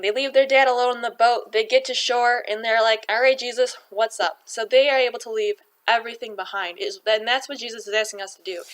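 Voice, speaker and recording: A woman's voice: fairly high pitch, fairly bright tone, rough recording. A woman hosting and retelling a gospel reading in a chatty, slangy storytelling way. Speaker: host.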